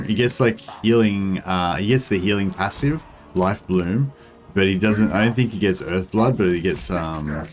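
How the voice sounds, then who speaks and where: A young Australian man streaming a strategy game, thinking aloud in a rambling, filler-heavy way while answering chat. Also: sits low. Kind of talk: casual gameplay commentary, answering chat.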